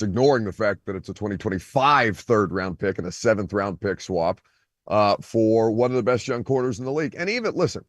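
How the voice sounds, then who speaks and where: A man's voice: fairly low pitch, dry recording, studio quality. A man hosting a sports radio show, calling in over a video call from a beach on vacation, teasing and mock-indignant. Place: outdoors by a beach.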